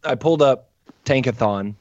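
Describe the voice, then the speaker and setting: A man co-hosting a podcast with the hiccups, talking casually in a measured, analytical way. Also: medium pitch, a little mellow, a little hiss or hum. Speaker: podcast co-host. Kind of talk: casual sports chat. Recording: dull lo-fi audio.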